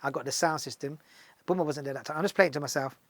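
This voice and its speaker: Fast-talking man telling stories. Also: a little high, no echo. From London. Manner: animated, acts out dialogue in the stories. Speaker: guest musician. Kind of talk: casual storytelling interview.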